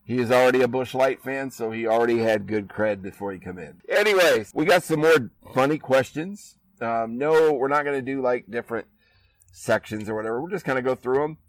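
A man's voice: medium pitch, a little fast, distant mic, rough recording. Laid-back man hosting a backyard podcast. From Iowa. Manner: laid-back, laughing, chatty. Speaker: podcast host. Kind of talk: casual chat. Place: outdoors in a backyard.

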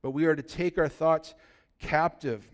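A middle-aged man preaching a sermon as pastor, conversational and animated, full of rhetorical questions. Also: a little high, unhurried.

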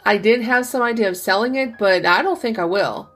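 A woman voicing a weary old soldier in a story reading, speaking slowly and solemnly. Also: fairly high pitch, a bit bright, soft background music. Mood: grave. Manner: grave, slow and solemn. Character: grave, weary old soldier, a sergeant major.

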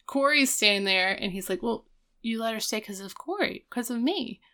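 A woman's voice: a little high, animated, moderate pace, pushed and bright. Chatty woman recapping a TV episode. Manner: retells scenes with quoted voices. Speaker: podcast co-host. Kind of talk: casual recap chat.

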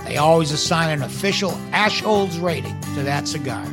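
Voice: medium pitch, expressive, fairly quick, music in the background. A scripted, laid-back announcer voice introducing a podcast.

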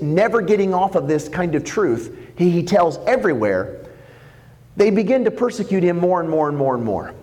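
A man preaching a sermon, animated and jokey, acting out quotes as he goes. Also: high voice, moderate pace, long reverb tail. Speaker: pastor.

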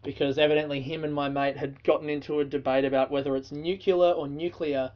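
A man's voice: a little high, level tone, brisk, lo-fi sound. An Australian man hosting his own podcast, telling stories in a loose, profane, casual way and laughing through them. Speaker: podcast host. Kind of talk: casual solo storytelling.

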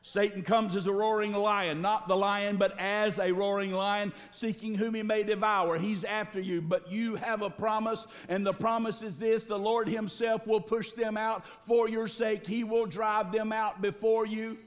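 High-voiced pastor preaching in a reverberant hall. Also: male voice, little pitch movement, measured pace, few pauses. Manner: emphatic, calls for congregation response. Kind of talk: sermon. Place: church sanctuary.

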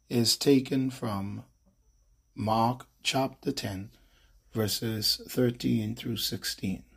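A male priest, leading a morning devotion with prayer, scripture and a measured sermon. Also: lowish voice, husky. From Bahamas.

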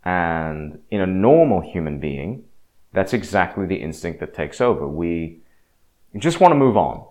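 A man's voice: deep voice, big pitch swings, a little slow, darkish tone. A man talking casually and frankly about faith and death, rambling with frequent restarts. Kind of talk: casual religious reflection.

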